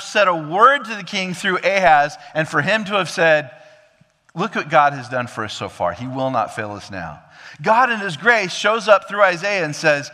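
Bright-voiced preacher in a reverberant hall. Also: male voice, expressive, moderate pace. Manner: rises to emphatic peaks, then drops low and quiet; acts out quoted dialogue of God and king. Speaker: pastor. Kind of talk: expository sermon.

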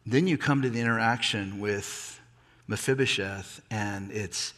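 A man preaching a sermon, animated, rising and falling in pitch and volume for emphasis. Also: unhurried, big-room sound. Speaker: pastor.

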